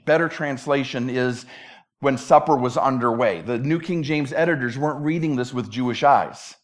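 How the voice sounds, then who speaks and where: A man preaching a sermon in a conversational, emphatic way, often repeating words as he restarts. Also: fairly high pitch. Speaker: pastor.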